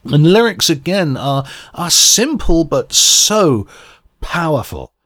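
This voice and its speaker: A man's voice: a little high, very animated, slow, fairly bright tone. Earnest man reviewing music. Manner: reflective, earnest, searching for words. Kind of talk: radio album review commentary.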